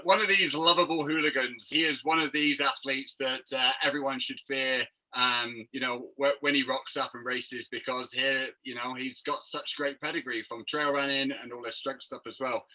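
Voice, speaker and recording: Bright upbeat British man. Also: mid-range voice, low-quality recording. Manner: upbeat, laughing easily. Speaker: podcast co-host. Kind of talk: casual banter.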